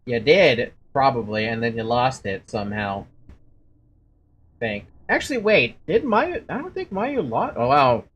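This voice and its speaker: Sarcastic, low-voiced young woman streamer. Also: very animated, a little slow, husky, dull audio. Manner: sarcastic, swears freely. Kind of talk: casual game commentary.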